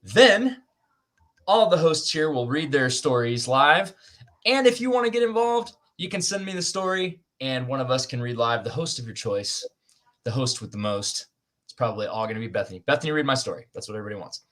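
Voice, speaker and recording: A man's voice: mid-range voice, very animated, a little fast, fairly bright tone. A man hosting a writers' livestream over a video call, chatty and self-deprecating, joking as he goes. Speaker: livestream host. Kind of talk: casual chat.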